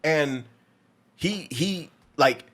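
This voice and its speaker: A man's voice: fairly high pitch, expressive, very slow, a bit bright. A man hosting a movie review show, casually recapping a film with lots of restarts and profanity. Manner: rambling, many restarts, acts out quotes. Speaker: movie review podcast host.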